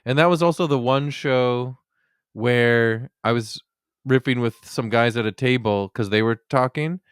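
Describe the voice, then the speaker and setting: Man, podcast co-host, smooth clear voice, relaxed storytelling, dry close sound. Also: medium pitch, unhurried, no room sound. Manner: relaxed storytelling with playful asides. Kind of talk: casual podcast chat.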